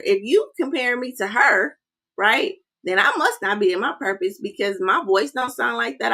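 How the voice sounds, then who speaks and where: A woman speaking as a life coach to a live audience. Her voice sits at a middle pitch, and she talks directly and with energy. She often stops to ask "right?" and says her main points twice. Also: a bit bright. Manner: direct, repeats key lines, checks in with 'right?'. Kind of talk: live-streamed coaching talk.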